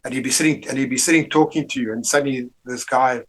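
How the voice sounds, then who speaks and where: An older man tells army stories in a casual interview. His voice is husky and sits at an ordinary pitch. He rambles, restarts his sentences often and drops in salty slang. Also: steady tone, fast talker, fairly bright tone, low-quality recording. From Rhodesia. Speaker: army veteran guest.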